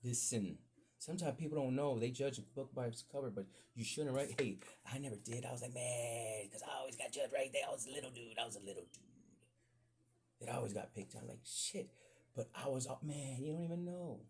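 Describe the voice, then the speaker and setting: A man's voice: mid-range voice, fairly quick, darkish tone, a little hiss or hum. A man casually telling rambling, profane stories on a podcast and acting out the quoted voices of his family. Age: adult with children. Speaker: podcast host. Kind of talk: casual storytelling.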